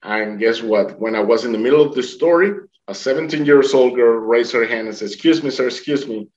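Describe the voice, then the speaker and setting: A man's voice: medium pitch, brisk. A middle-aged man speaking English as a second language, telling his own story in an interview and acting out what others said. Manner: animated, acts out the dialogue of others; non-native English grammar. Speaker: near-death experience survivor telling his story. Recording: dull lo-fi recording.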